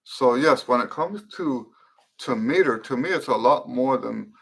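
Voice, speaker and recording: A middle-aged man teaches trumpet in a live-stream question-and-answer lesson. He talks slowly, with a gravelly edge to his voice. He explains thoughtfully and often restarts his sentences. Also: mid-range voice, animated, a bit bright.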